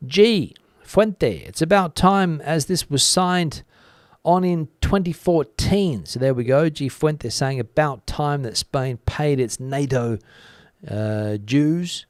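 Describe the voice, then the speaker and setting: A man's voice: on the high side, no room sound, studio quality. Chatty male host reading live comments. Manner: chatty, reads viewer comments aloud with filler pauses. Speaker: channel host. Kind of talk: live-stream chat reading.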